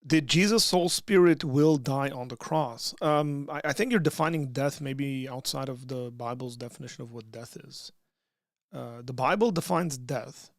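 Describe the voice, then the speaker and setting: A man's voice: medium pitch, no room sound, clean studio sound. A man hosting a casual livestream, reading out chat questions and answering them in a loose, conversational way with frequent restarts.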